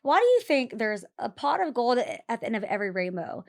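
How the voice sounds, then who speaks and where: A woman's voice: fairly high pitch, big pitch swings, gravelly. A woman co-hosting a podcast, chatting casually, rambling and laughing easily. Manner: giggly, rambling, quick to laugh. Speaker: podcast co-host. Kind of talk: casual chat. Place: living in West Hollywood.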